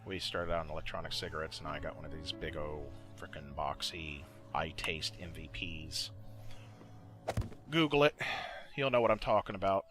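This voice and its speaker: Over music, a man with a very deep voice talks at a moderate pace, narrating a gameplay video as a gaming creator. It's a casual desktop-mic voice-over full of rambling, cursing, fillers, and self-corrections.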